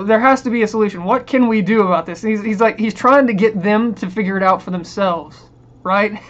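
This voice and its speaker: A man's voice: high-pitched, fairly bright tone. Chuckling man ranting about a movie, lo-fi. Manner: rambling, chuckling, sarcastic asides. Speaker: movie reviewer. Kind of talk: casual movie rant.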